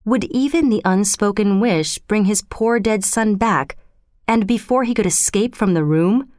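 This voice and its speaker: A woman narrating an audiobook in a measured, expressive reading. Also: medium pitch, dry recording.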